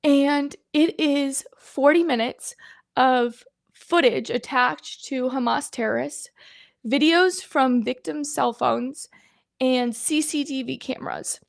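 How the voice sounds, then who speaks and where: A young woman in her twenties talks to her livestream audience in a high voice. She speaks earnestly, repeating points for emphasis, and sounds close to tears. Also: slow pace, vocal fry. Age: 20s. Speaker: guest host of a livestream. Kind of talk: livestream open forum.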